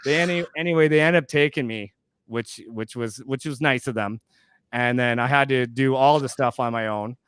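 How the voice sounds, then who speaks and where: A man's voice: medium pitch, moderate pace, fairly bright tone, clean tone, no echo. A man from Canada co-hosting a podcast, telling a rambling story and acting out the quoted lines. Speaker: podcast co-host. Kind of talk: casual storytelling.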